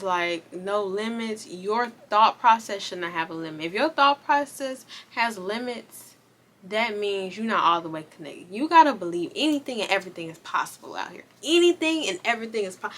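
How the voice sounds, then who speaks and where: A woman's voice: mid-range voice, fairly bright tone, slight background noise. A young woman reviewing a movie in casual, slangy chat, talking straight to her viewers. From United States.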